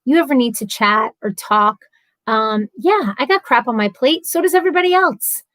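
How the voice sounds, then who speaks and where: A woman's voice: fairly high pitch, animated, moderate pace, fairly bright tone, low-quality recording. A woman hosting a live stream from home, chatty and earnest, talking casually and openly at length. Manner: chatty and earnest, talks a lot.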